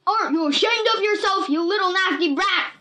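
A woman's voice: medium pitch, animated, normal speed, fairly bright tone, lightly acted. A woman voicing an impatient grown man who scolds bluntly in a storybook reading. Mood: angry. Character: gruff grown man, impatient and quick to anger.

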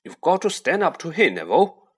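Man reading a blunt teenage boy wizard; high, animated, exasperated. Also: brisk, slightly rough, heavily acted.

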